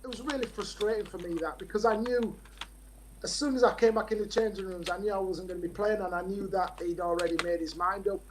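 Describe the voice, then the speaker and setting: A man in his fifties, a former footballer, talking as a podcast guest and telling relaxed stories full of fillers and restarts. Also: sits high, quick pace, a little hiss or hum, poor audio. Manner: relaxed anecdotal storytelling with many fillers. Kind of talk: podcast interview.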